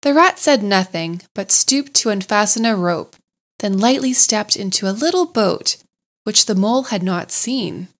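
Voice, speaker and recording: A woman narrating a classic children's storybook in a gentle, unhurried, expressive way. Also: mid-range voice.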